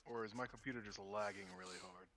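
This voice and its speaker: A man's voice: fairly low pitch, steady tone, fast, a bit bright, slight background noise. A man making wry quips while playing a multiplayer game. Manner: wry, quipping.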